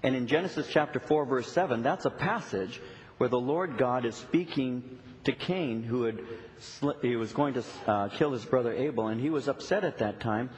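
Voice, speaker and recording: A middle-aged male pastor preaching a sermon, telling a story with lots of repeated "and"s and lively retelling. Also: mid-range voice, moderate pace. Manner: storytelling, animated, with many repeated "and"s. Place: church sanctuary. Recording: long reverb of a church hall.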